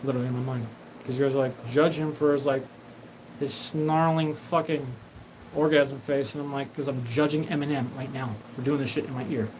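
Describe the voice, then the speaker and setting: A man's voice: mid-range voice, fairly even intonation, a little fast, darkish tone, a little hiss or hum, rough recording. A man hosting his own show, talking in a profane, meandering solo monologue and acting out quoted dialogue. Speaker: show host.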